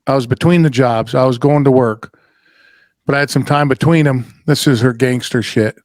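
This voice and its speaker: A middle-aged man hosting a podcast, telling a story in casual chat, animated and swearing freely. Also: medium pitch, normal speed, no room sound. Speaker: podcast host.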